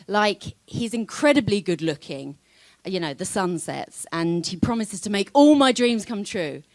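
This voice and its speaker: A woman's voice: medium pitch, no room sound. A young woman from London with a London accent, performing a wry, self-deprecating stand-up comedy set. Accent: London English. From London, England.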